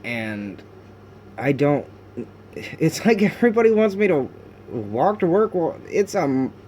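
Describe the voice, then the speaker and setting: A man talks into his camera at home in a confessional diary, his voice mellow and dark rather than bright. He speaks haltingly, restarting his sentences often, with frustration that breaks out now and then in cursing. A faint hum sits behind him. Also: fairly high pitch, very animated. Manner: halting and raw, with frequent restarts and fillers. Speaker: video diarist.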